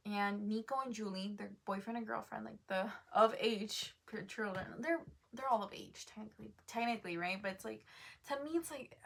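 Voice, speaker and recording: A woman's voice: mid-range voice, a little fast, creaky. A woman chatting casually about a book she read, rambling and full of fillers, stopping often to correct herself. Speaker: book reviewer. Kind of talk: casual book review chat.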